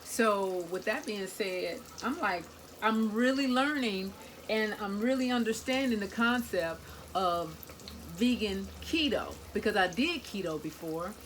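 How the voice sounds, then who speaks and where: A woman's voice: medium pitch, unhurried. Woman, chatty cooking vlog, home kitchen, faint noise behind. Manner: chatty, talks to viewers as "y'all" and "guys". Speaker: cooking vlogger.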